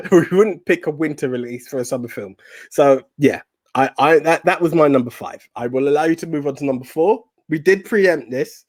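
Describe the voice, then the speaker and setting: A man co-hosting a casual movie chat, relaxed and a little hesitant, often repeating words as he talks. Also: fairly high pitch, moderate pace. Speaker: co-host of a movie podcast.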